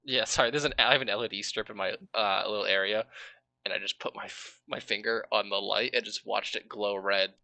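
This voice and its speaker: A man's voice: lowish voice, steady tone, brisk, vocal fry, pushed and bright, no room sound. A man running a tabletop game on a live stream, laid-back and rambling, often laughing at his own asides. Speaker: game master.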